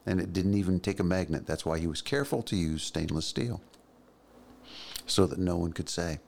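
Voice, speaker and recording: Low gravelly man with a wry drawl. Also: moderate pace, a little mellow, slight background noise. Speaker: podcast co-host. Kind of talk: casual chat.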